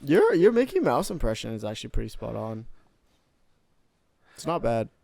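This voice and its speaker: A man's voice: mid-range voice, huge pitch swings, moderate pace, gravelly, dark tone, dry recording, clean studio sound. A young adult man, a son co-hosting a podcast with his father, talking in laid-back, joking casual chat at home on a stand mic.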